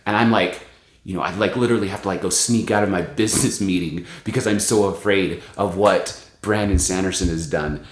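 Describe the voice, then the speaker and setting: Low-voiced male vlog host, animated and rambling with fillers, echoey room. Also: brisk. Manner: animated storytelling, lots of "like" fillers. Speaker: book channel host. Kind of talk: excited casual vlog talk.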